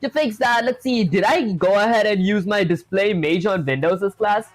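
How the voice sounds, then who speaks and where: A chatty streamer talks through code on a casual livestream. The speech is full of "like" and easy self-mockery, pitched right in the middle of the range. Soft music plays faintly underneath. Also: normal speed. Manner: chatty, filler-heavy, self-deprecating, addresses chat as "guys". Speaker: live-streaming programmer.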